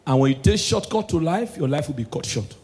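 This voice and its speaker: Male stand-up comic, Nigerian Pidgin accent, high-pitched for a man; hushed sermon-style asides, shouted punchlines. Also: lively intonation, a little fast. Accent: Nigerian Pidgin English. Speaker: stand-up comedian. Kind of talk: stand-up comedy set.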